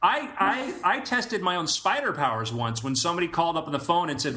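A man's voice: a little high, animated, fairly quick, noisy background. A man co-hosting a podcast, telling rambling stories in casual chat with frequent restarts. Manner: rambling storyteller, restarts often. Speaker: podcast co-host.

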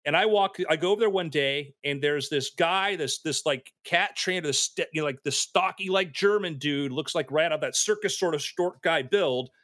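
A man with a slightly higher voice tells stories in a loose, casual chat. He is animated and slips into the voices of the people he describes. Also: normal speed, few pauses.

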